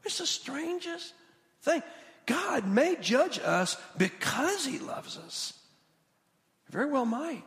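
A man preaching a sermon as a guest speaker in a church, animated and quick to restart his sentences. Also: very high-pitched, long reverb tail. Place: church sanctuary.

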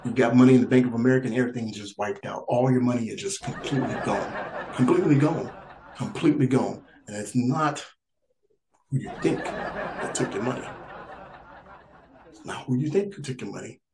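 A male comic rambles through a stand-up set, looping back on phrases and stumbling over restarts while chuckling at his own lines. His voice sits at a mid pitch. The recording sounds echoey, with a faint hiss of noise behind him. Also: a little fast, pauses often. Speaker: stand-up comedian.

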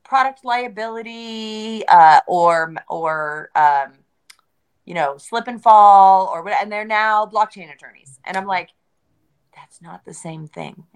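A woman's voice: mid-range voice, measured pace, smooth. A woman being interviewed, talking casually and emphatically, repeating words for stress and joking as she goes. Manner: joking, conversational. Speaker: interview guest, crypto entrepreneur.

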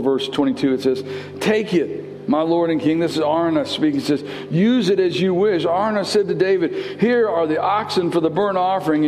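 A male pastor delivers a sermon with animated energy, often repeating the first words of a phrase before pushing on. His voice sits a little high for a man, and it rings out with a long reverb from a large hall.

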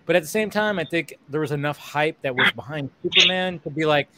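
A man hosting a casual stream chat with friends, talking in an animated, enthusiastic way. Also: on the high side, brisk, heavy background noise. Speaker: stream host.

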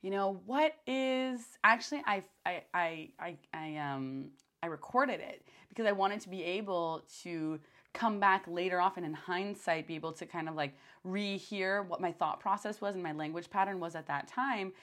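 With a lowish voice and a moderate pace, a young woman hosts her podcast in a rambling, unstructured monologue. Fillers and restarts are everywhere, and she turns animated when describing her own thoughts.

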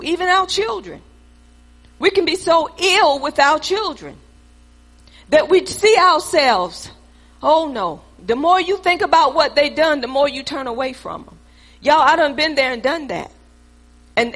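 A woman's voice: high voice, a bit bright. A middle-aged woman preaching a sermon from the pulpit, speaking emphatically and conversationally and calling out to the congregation.

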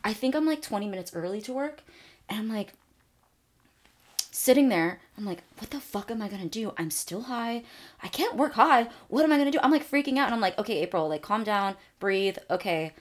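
A young adult woman co-hosting a podcast, telling a long story in casual chat, animated and full of fillers, acting out her own thoughts. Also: medium pitch, fairly quick. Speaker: podcast co-host.

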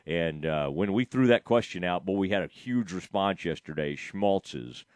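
A man's voice: sits low, lively intonation, normal speed, darkish tone, no echo, clean studio sound. A middle-aged man hosting a radio show, rambling casually, laughing often and talking to his producer. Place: radio studio.

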